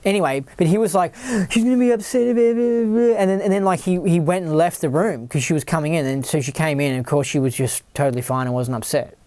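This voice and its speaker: A podcast host talking in a casual, rambling monologue, full of "like" and repeated words, sometimes putting on a higher, worried voice to mimic others. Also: fast, hardly any pauses, a little mellow, dry recording.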